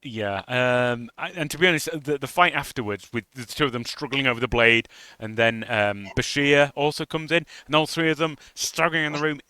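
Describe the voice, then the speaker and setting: A man co-hosting a podcast, reviewing an episode in an animated way and acting out the lines he quotes. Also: mid-range voice, brisk, clear, resonant tone, dry recording. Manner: animated, laughs, acts out quotes. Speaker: podcast co-host. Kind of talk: casual chat reviewing an episode.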